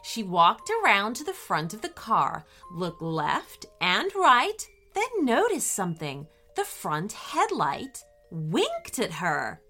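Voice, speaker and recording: Animated woman reading a children's story. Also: medium pitch, slow pace, few pauses, faint music behind. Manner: animated, expressive. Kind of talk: children's bedtime story narration.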